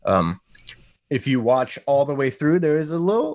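Animated American man on a podcast. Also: moderate pace, no echo. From United States. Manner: animated, pitch jumps when excited, rambling. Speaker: podcast guest. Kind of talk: casual podcast chat.

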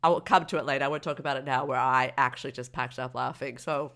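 Bright-voiced woman, laughing film chat. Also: extremely low pitch, fast. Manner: animated, laughing, mock-outraged impressions. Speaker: podcast co-host. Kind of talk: casual film review chat.

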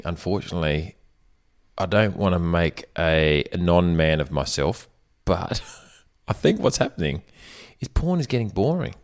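A man co-hosting a podcast in casual chat, joking with deadpan asides. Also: low-pitched, smooth. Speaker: podcast co-host.

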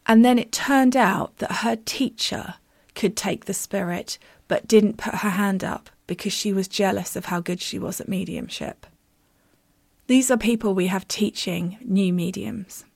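A woman hosts a podcast as a medium, telling her stories candidly and poking fun at herself. Her voice sits in an average pitch for a woman. It is recorded close on a mic, dry and with no room sound. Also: creaky, no echo. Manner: candid, self-deprecating storyteller. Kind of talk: casual podcast monologue.

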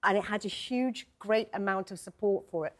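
A woman's voice: medium pitch, normal speed, a crowd in the background. Challenging female panelist. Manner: challenging, interjecting. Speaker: panel guest. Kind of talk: debate.

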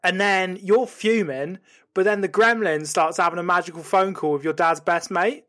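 Male podcast co-host, comic storyteller, animated sweary delivery. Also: high voice, normal speed. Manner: animated, sweary retelling with lots of "you're like".

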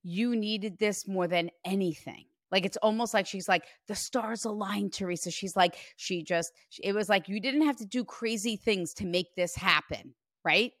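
A woman giving a spirit reading as a medium, speaking in an animated, emphatic and reassuring way. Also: mid-range voice, normal speed, hardly any pauses, no room sound, clean studio sound. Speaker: psychic medium.

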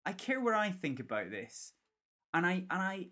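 A man's voice: high-pitched, very animated, normal speed, pushed and bright. A man chatting casually on a podcast about a movie he liked. He rambles, trips over his words and restarts his sentences. He swears now and then. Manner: rambling, stumbling restarts, swears, laughs often. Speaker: podcast co-host. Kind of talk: casual film review chat.

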